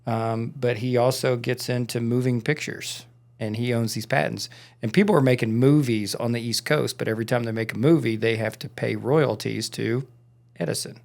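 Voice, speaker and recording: A man's voice: medium pitch, fairly even intonation, normal speed, vocal fry, darkish tone. A man co-hosting a podcast, casually telling a rambling story with lots of fillers in a studio. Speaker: podcast co-host. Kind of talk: casual chat.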